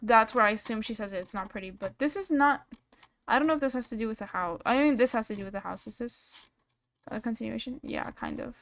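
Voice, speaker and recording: A woman's voice: on the high side, quick pace, a bit bright, dry recording. Blunt, swearing woman streamer. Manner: blunt, swears freely, reads texts aloud with reactions. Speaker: commentary streamer. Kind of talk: casual commentary reading out messages.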